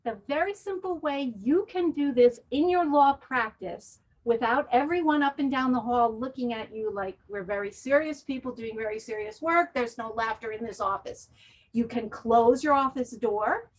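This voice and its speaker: Female wellness presenter, slightly high voice, calm instructive delivery, guides breathing and laughter drills. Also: normal speed. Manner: leads breathing and forced laughter exercises.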